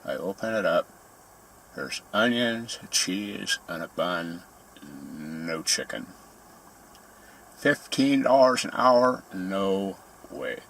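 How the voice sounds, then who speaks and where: A man's voice: deep voice, animated, takes it slowly, gravelly, pauses often, a bit bright, a little hiss or hum. A man telling grumbling, sarcastic stories in a casual ranting monologue. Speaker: vlogger.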